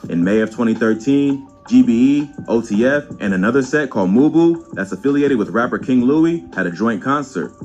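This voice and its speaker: A man's voice: medium pitch, lo-fi sound. Male documentary narrator over music. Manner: even, measured storytelling. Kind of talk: scripted narration.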